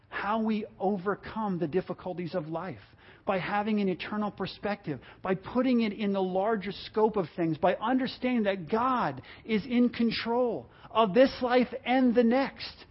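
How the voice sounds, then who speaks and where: A pastor delivering an impassioned sermon, repeating words and acting out the complaints he quotes, heard on a dull lo-fi recording. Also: sits high.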